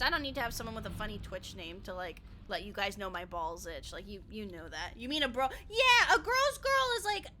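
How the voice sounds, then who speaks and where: Bright, lively young woman streamer. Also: fairly high pitch. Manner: bubbly and chatty, swears casually, laughs often. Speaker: game streamer. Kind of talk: casual live-stream chat while playing.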